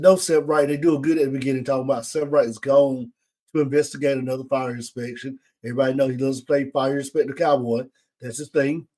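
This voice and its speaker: A man hosting a podcast, casually recapping a TV episode and acting out the characters' lines as he goes. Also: fairly high pitch. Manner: animated retelling, acts out characters' lines. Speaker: podcast host.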